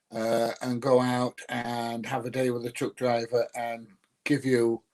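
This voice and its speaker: A friendly man with a South Yorkshire accent, talking off the cuff on a live stream. He rambles through his points with plenty of ums and uhs and stops to greet viewers by name. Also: mid-range voice. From North Nottinghamshire, England. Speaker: YouTuber greeting live chat. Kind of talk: casual live stream chat.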